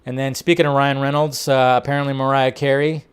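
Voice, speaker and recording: A man's voice: mid-range voice, level tone, fairly quick, heavy background noise. A man hosting a casual film news show, chatting loosely and breaking into bursts of disbelief. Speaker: host.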